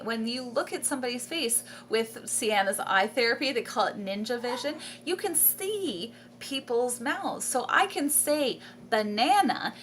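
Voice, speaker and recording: A homeschooling mother chats casually to camera in a vlog, her voice fairly high and a bit bright, with a little hiss or hum. She's enthusiastic, repeats words for emphasis, and often laughs mid-sentence.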